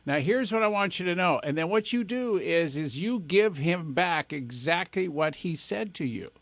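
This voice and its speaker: A man in his fifties hosts a call-in advice show. His voice is a little high and gravelly, recorded close and dry. He coaxes and jokes as he acts out replies for his callers. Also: lively intonation, moderate pace, no echo. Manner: folksy, coaxing, acts out sample replies. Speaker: radio talk show host. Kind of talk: coaching call-in talk.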